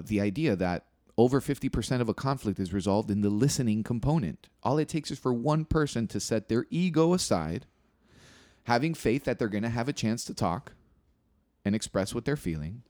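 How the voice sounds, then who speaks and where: Earnest man explaining, low dry voice. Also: darkish tone, no room sound. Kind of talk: casual chat.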